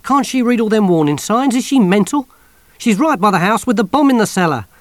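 A man's voice: high-pitched, level tone, moderate pace, smooth, no room sound, pitched above the performer's own voice. A man voicing a cheerful, blunt wartime soldier in an audiobook. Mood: brash. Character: brash young cockney army soldier.

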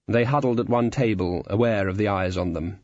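A man narrating a comic fantasy story in a wry, measured manner. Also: lowish voice, a little mellow, no echo, dull audio. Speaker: audiobook narrator.

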